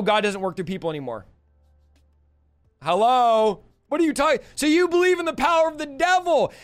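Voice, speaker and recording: Male streamer-preacher, fiery and emphatic, high smooth voice. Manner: emphatic, preachy, rising to loud exclamations. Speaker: preacher answering viewer questions on a live stream.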